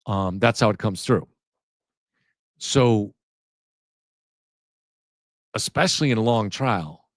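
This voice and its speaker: A man's voice: medium pitch, no room sound, clean studio sound. A man hosting a casual livestream, talking through his thoughts in a rambling way, restarting his sentences and greeting viewers in the chat. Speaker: livestream host.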